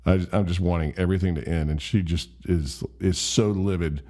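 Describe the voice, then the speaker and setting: Guy, very low voice, rambling self-deprecating storyteller. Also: fairly even intonation, moderate pace, mellow. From Memphis, USA. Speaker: vlogger. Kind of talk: casual storytelling.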